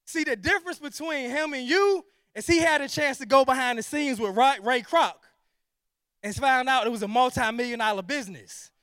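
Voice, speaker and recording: A man giving an energetic, preachy motivational sales presentation, full of rhetorical questions and repetition. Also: very high voice, moderate pace, smooth, no room sound, clean studio sound. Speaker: sales team leader.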